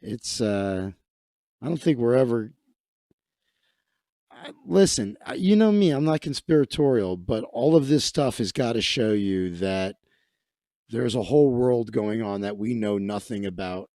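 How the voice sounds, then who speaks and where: A man's voice: medium pitch, expressive, measured pace, warm tone, no room sound, clean studio sound. Crude sarcastic man riffing on news. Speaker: livestream host. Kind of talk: casual comedic livestream commentary.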